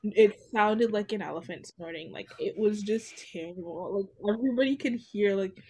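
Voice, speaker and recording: A young woman co-hosting a podcast, telling animated, casual anecdotes with some swearing. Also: medium pitch, normal speed, slightly rough. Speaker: podcast co-host. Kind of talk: casual storytelling chat.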